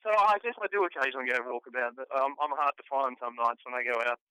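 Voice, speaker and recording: Australian male singer, easygoing interview guest, crisp and resonant. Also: medium pitch, fast talker, dry recording, poor audio. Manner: relaxed, laid-back, uses local slang. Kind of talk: casual interview chat.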